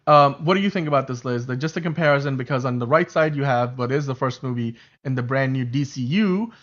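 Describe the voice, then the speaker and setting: A man's voice: mid-range voice, fast talker. Chatty man with a dull lo-fi sound. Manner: rambling, animated, many fillers and restarts. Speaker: show host. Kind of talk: casual fan podcast chat.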